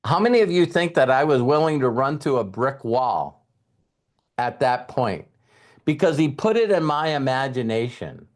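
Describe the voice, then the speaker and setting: A man with a mid-range, sing-song voice speaks at a moderate pace, giving a motivational talk. He relates a previous conversation to the audience as a story, conversational and full of emphasis.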